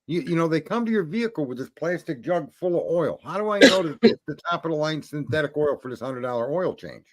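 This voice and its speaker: A man's voice: on the high side, animated, fast. A man hosting a live stream, chatting and telling stories in a blunt, profane, rambling way. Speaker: stream host. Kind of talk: casual chat.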